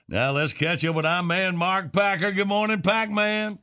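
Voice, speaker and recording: Laid-back morning radio host. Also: male voice, sits high, normal speed, hardly any pauses. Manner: laughing, relaxed, lots of fillers.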